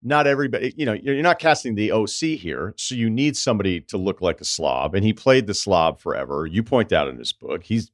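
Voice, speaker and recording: A man's voice: on the low side, animated, a little fast, hardly any pauses, dry recording, studio quality. A man hosting a podcast, talking emphatically in casual interview chat. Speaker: podcast host.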